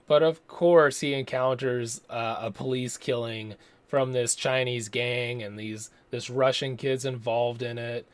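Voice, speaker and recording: A man giving a casual, rambling movie review, swearing freely and slipping into mocking impressions. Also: mid-range voice.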